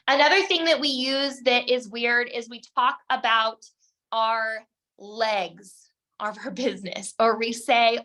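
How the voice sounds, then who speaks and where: A woman's voice: a little high, moderate pace, pushed and bright. A woman coaching her team on a video call, direct and emphatic, speaking straight to her listeners. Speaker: network marketing team coach. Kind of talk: motivational team call talk.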